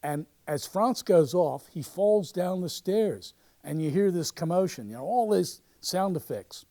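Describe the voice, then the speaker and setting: This local theatre society historian has a high voice and narrates over show footage in a halting, conversational way. Fillers and restarts are frequent, though he gets lively when he's telling a story.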